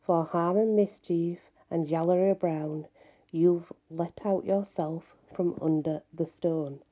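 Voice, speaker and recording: A woman voicing a wicked, wrinkled little male imp in a storybook reading, speaking in a sly, taunting, hushed way. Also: lowish voice, steady tone, takes it slowly. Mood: chanting.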